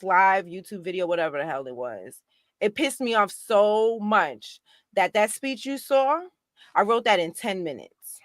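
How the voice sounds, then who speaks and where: Casting: indignant woman, mid pitch, talks in bursts, dry close mic. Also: dry recording. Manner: animated, indignant, many restarts. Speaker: guest activist. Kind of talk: casual political discussion.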